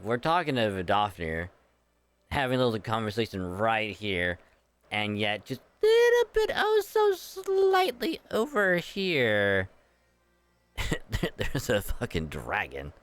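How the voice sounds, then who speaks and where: Brief: male game streamer, rambling and stammering, clean low voice. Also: a bit bright. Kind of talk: casual gaming commentary.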